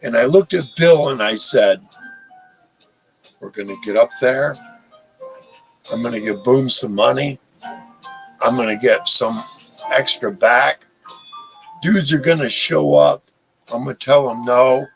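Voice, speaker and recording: A man's voice: mid-range voice, measured pace, vocal fry, pauses often, a bit bright, low-quality recording. A middle-aged man hosting a live stream, telling rambling stories in a casual way and swearing freely. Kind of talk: casual storytelling chat. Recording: music playing in background.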